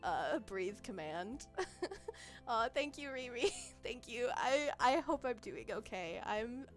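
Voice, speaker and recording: A woman's voice: fairly high pitch, sing-song, slow. A woman streaming as a vtuber, chatting casually, giggling often and losing her train of thought as she reacts to chat. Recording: faint background music.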